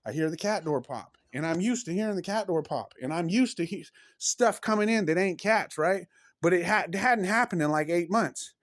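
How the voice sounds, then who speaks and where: A man in a casual home vlog tells strange stories at a slightly raised pitch. He talks emphatically, restarts his sentences, and drops the odd curse. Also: animated, moderate pace. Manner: rambling, self-interrupting, emphatic, with mild cursing. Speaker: vlogger. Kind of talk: casual rambling storytelling to camera.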